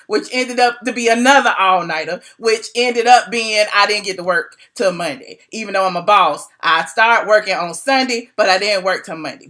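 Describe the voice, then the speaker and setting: Bright-voiced chatty woman gossip blogger. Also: mid-range voice. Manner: animated, chatty storytelling with slangy asides. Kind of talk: casual live-stream gossip chat.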